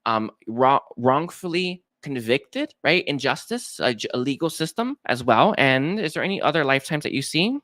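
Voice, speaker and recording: A man's voice: medium pitch, lively intonation, normal speed, a bit bright, no room sound, clean studio sound. A man giving a live-streamed psychic reading, talking with many fillers and restarts. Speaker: psychic reader.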